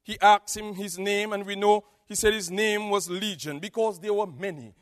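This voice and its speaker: A man preaching an evangelistic sermon with a Nevisian Caribbean accent, swinging between hushed tones and shouting. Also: high-pitched, steady tone, moderate pace. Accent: Nevisian Caribbean English. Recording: long reverb of a large hall.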